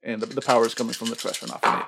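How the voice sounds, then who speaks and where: A man narrating as game master, talking in a halting way, repeating words as he thinks aloud. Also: medium pitch, flat delivery, creaky, fairly bright tone, slight background noise.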